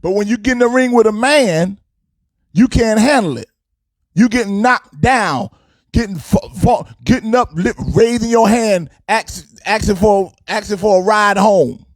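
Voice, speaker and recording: A man's voice: high-pitched, a little slow, no echo. A man hosting a casual sports talk show, fired up and preachy, with a sing-song delivery.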